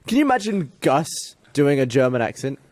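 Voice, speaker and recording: A man's voice: medium pitch, big pitch swings, brisk, a little mellow, no room sound. A man from Britain co-hosting a podcast, chatting casually and laughing through odd anecdotes. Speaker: podcast co-host. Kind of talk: casual chat.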